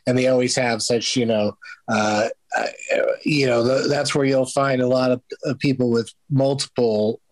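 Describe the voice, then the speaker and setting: A man's voice: medium pitch, steady tone, moderate pace, no echo. A man hosting a podcast in casual chat, rambling and hesitant with lots of fillers. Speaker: podcast host.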